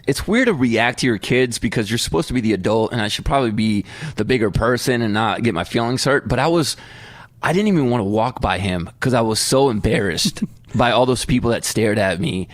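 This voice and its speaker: A man in his thirties tells a long, animated story to his co-hosts, switching into voices whenever he quotes someone. He sits at a mid pitch, and the recording is close and dry with no room sound. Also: fairly quick, no echo. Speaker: podcast co-host. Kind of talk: casual storytelling chat.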